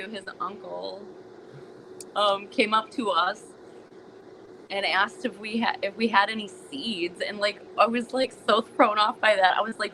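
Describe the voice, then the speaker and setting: A woman's voice: mid-range voice, sharp tone, slight background noise, poor audio. A woman guest telling her story in a chatty way, with many "like" fillers. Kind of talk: casual interview talk.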